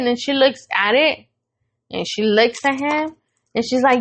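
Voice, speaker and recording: Animated, swearing woman podcast co-host. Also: fairly high pitch, normal speed. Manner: animated storyteller, swears freely, acts out quoted voices. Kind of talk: casual chat.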